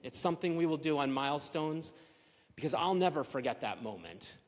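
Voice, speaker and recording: A man's voice: on the high side, sing-song, fairly quick. A man in his forties telling a personal story at a live story slam, emotional and repeating phrases for emphasis. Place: synagogue hall at a live event. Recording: long hall reverb.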